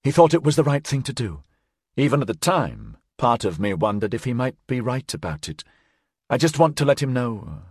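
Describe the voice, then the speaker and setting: Man doing a pleading determined woman, raised pitch, husky, dry audiobook sound. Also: big pitch swings, moderate pace, dry recording. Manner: earnest, persuasive, soft-spoken.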